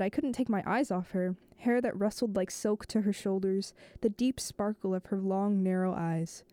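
A woman host reading a novel aloud, slow and measured, now and then stumbling and restarting a phrase. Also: mid-range voice, mellow, no room sound.

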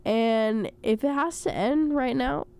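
A young woman co-hosting a casual chat, telling stories in an animated, joking way. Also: fairly high pitch, slow pace, gravelly, smooth. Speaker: podcast co-host.

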